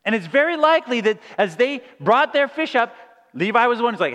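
A male pastor preaching a sermon in an animated storytelling way, often restarting his phrases, with a long hall reverb around his voice. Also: very high-pitched, brisk.

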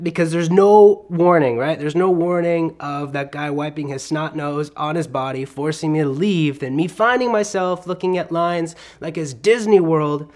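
Male preacher, slightly high voice, lively comic storyteller in a sermon.

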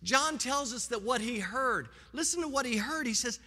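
Male pastor, high bright voice, emphatic sermon delivery, church hall reverb. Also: lively intonation, normal speed. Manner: emphatic preaching with rising and falling delivery. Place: church sanctuary.

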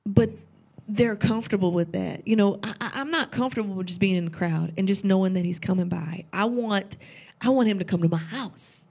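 A woman's voice: mid-range voice, brisk, gravelly, darkish tone. A woman preaching a sermon with passion, repeating phrases and asking rhetorical questions, at times tearful.

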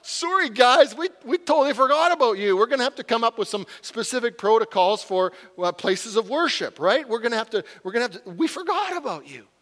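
A man voicing a sheepish, apologetic male government official who talks in a rushed, flustered way. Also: very high voice, animated, fairly bright tone, voice pushed up. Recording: long hall reverb.

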